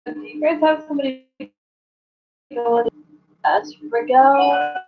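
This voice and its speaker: A woman's voice: high-pitched, animated, slow, vocal fry, over music. A woman playing in a tabletop game, asking casual questions. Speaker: player. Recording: tinny phone-like line.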